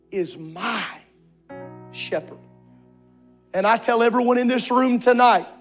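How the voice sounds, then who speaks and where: A man preaching in a church sanctuary, his voice pitched strikingly high for a man. He stretches key words out and climbs into shouts as the sermon builds. Faint music plays softly beneath his words. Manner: impassioned, rising to shouts with long drawn-out words. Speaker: pastor.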